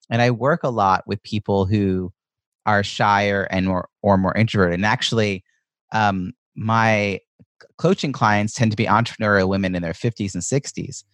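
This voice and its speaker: A man's voice: lowish voice, fairly bright tone, dry recording, studio quality. A man hosting a podcast interview, chatting enthusiastically and casually, with lots of "like" fillers. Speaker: podcast host and coach.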